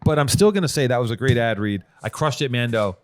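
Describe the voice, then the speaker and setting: A man's voice: mid-range voice, animated, quick pace. A man hosting a podcast, reading ads in a brash, profane, joking riff. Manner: brash and profane, riffing jokes. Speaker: podcast host. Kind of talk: casual podcast ad read.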